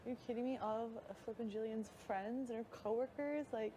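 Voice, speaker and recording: A young woman, a reality show houseguest, chatting casually and excitedly, acting out what others said. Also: fairly high pitch, brisk. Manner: excitable, quotes others in animated voices. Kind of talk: casual chat. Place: live feed house recording. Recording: noisy live feed audio.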